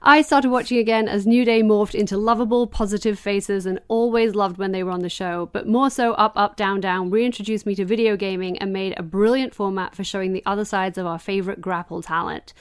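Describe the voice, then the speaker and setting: A woman co-hosting a casual podcast chat, quick and enthusiastic, often laughing. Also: mid-range voice, fairly even intonation, smooth. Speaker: podcast co-host.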